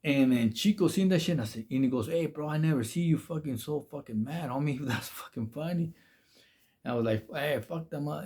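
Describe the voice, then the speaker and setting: Speaking at medium pitch with a darkish tone, a former prisoner shares stories from his time inside. The storytelling is casual and rambling, thick with slang and profanity, and he restarts often.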